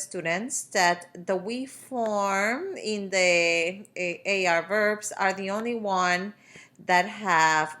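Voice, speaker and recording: A woman's voice: medium pitch, fairly bright tone. A woman teaching a grammar lesson over a screen recording, explaining step by step with patient fillers. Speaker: Spanish teacher.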